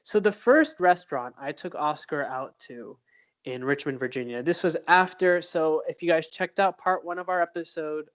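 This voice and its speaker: Upbeat young man, fairly high voice. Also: normal speed, a bit bright. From Palestine. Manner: upbeat storyteller with many fillers. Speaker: podcast co-host. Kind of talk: casual chat.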